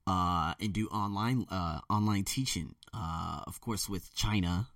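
A man's voice: sits low, a little slow, fairly bright tone, no room sound, far from the mic. Guy vlogging about family, candid and rambling, sits back from a dry-sounding mic. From United States. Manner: rambling and candid, quotes others in a mimicking voice. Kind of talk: personal storytelling monologue.

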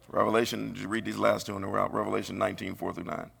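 A middle-aged man preaching a sermon, emphatic and rising into high bursts. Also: flat delivery, racing, gravelly, hardly any pauses, fairly bright tone.

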